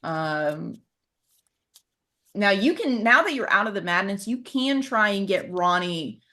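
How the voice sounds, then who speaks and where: A woman's voice: medium pitch, animated, a little slow, pushed and bright. A woman narrating a horror tabletop game as game master, casual and chatty. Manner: casual, chatty, laughs easily.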